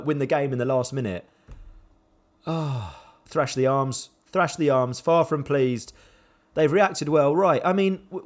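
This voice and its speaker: A young man commentating his own football management game with animated swings between excitement and dejection. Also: a little high. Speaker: gaming YouTuber.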